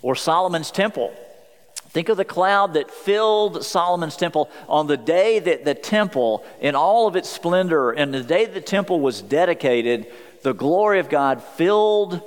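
A man preaching a sermon as a pastor, earnest, slowing down when he quotes scripture. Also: a little high, big-room sound.

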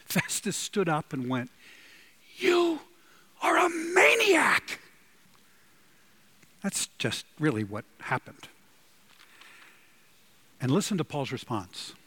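A man delivering a sermon at a middle pitch, his voice swinging widely up and down. He preaches in an emphatic, animated way and breaks into loud bursts to drive points home. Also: takes it slowly, pauses often. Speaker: pastor.

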